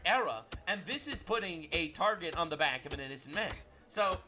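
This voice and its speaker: A man's voice: on the high side, bright, forceful tone, a little hiss or hum. A man hosting a livestream, giving brash, profane, sarcastic political commentary. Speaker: livestream host.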